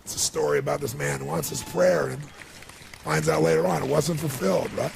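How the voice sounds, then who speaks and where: A middle-aged man giving a motivational speech, telling a personal story in an animated, emotional way. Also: on the high side, fairly quick, vocal fry, slight background noise. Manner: animated, emotional storytelling with rising bursts of intensity. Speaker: motivational speaker.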